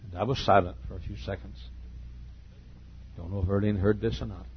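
An older man preaching in a church, retelling a personal story in a halting, heartfelt way with repeated phrases. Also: on the low side, steady tone, lo-fi sound, a little hiss or hum. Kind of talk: emotional sermon storytelling. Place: church sanctuary.

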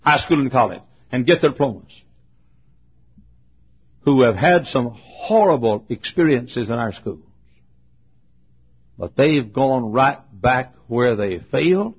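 An older man preaching a fervent sermon as pastor, swinging from shouted exhortation to low, quiet asides. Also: lively intonation, slow pace, long pauses, husky. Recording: dull lo-fi sermon recording.

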